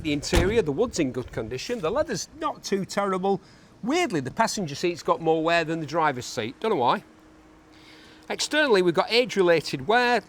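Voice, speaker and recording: Lively man in echoey hall. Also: sits high. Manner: enthusiastic, jokey asides to himself. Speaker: auction presenter. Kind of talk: chatty car walkaround commentary.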